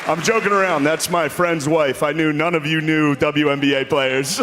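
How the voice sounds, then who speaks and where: A stand-up comedian with a mid-pitched male voice delivers crude, deadpan jokes and keeps breaking into laughter. He works a stage mic in a big hall where his words ring out with a long echo. A loud crowd laughs over a steady hum of noise. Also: moderate pace. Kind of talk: stand-up set before a live audience. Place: large hall with a live audience.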